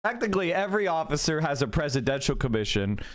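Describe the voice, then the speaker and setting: High-voiced sarcastic male commentator. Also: big pitch swings, quick pace. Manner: sarcastic, profane, incredulous. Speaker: streamer reacting to a clip. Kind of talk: casual commentary.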